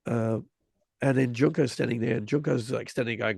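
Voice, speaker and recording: A man's voice: medium pitch, fairly even intonation, normal speed, creaky, darkish tone, no echo. A man in his forties telling a story in casual conversation, rambling with many restarts and vivid retelling. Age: 40s.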